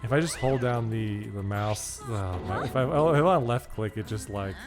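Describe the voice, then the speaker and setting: A man's voice: lowish voice, moderate pace, music in the background. Frustrated young man streaming a game. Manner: frustrated, swearing, self-mocking rants. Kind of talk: casual gaming stream commentary.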